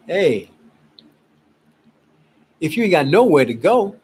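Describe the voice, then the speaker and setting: A man from Cleveland, Ohio, giving an emphatic, exasperated casual pitch about gold and prices. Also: breathy edge, rough recording. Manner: emphatic, exasperated, animated preaching. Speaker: gold promoter. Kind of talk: casual selling pitch to camera.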